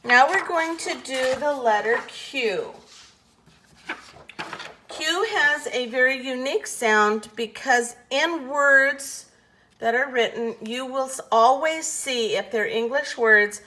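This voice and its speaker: A woman with a fairly high voice leads a phonics lesson at a very slow, deliberate pace. She over-enunciates each letter sound patiently and pauses often for the listener to repeat. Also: sharp tone. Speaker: phonics teacher.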